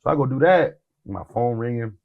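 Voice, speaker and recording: A man in a relaxed interview, letting his stories wander with fillers and little voices for the people in them. His pitch sits in an ordinary middle range. He sounds easygoing and in no rush. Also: fairly quick, gravelly, narrow, tinny audio. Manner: laid-back, rambling with many fillers and acted-out quotes. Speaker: rap artist guest. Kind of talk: casual storytelling interview.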